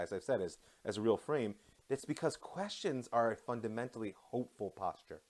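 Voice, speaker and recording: A middle-aged man, a rabbi, giving an animated live online class with quick, self-deprecating asides. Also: medium pitch. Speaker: rabbi and teacher.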